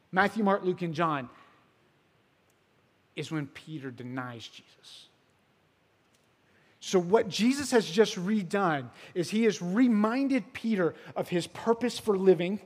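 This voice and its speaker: In a large hall, a pastor with a high-pitched voice delivers a sermon, telling the story casually with filler words. He swings between loud emphasis and hushed moments.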